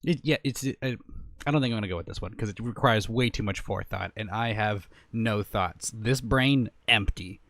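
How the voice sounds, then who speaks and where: A man's voice: on the low side, brisk, dry recording. A man giving casual gameplay commentary, rambling and self-deprecating, often trailing off mid-sentence. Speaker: gaming video creator.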